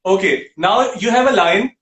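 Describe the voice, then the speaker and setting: A male talk show host firing off quick questions in a brisk, teasing way. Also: high-pitched, lively intonation, a bit bright, echoey room. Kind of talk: quick-fire interview questions.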